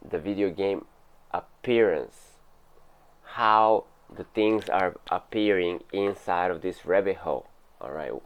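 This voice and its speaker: Man, unhurried, rambling casual teaching talk, smooth resonant voice. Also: low voice. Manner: rambling, loose, full of fillers and asides. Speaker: meditation teacher. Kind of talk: casual spiritual explanation. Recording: narrow phone-like sound.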